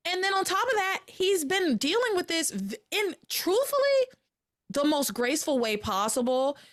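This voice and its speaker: Lively woman recapping a soap. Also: very high-pitched, moderate pace. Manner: animated, acts out quotes in character voices. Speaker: podcast host. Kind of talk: casual recap chat.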